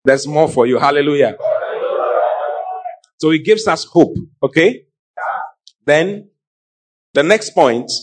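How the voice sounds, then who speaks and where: A middle-aged man preaching a sermon, calling out to the congregation in an animated way. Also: a little high, slightly rough. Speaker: pastor.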